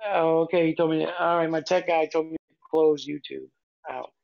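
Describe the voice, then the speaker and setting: A woman's voice: low voice, steady tone, normal speed, creaky, a little mellow, muffled recording. An older woman and podcast co-host, chatty and meandering as she tells a story in casual conversation. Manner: chatty, meandering, with frequent restarts.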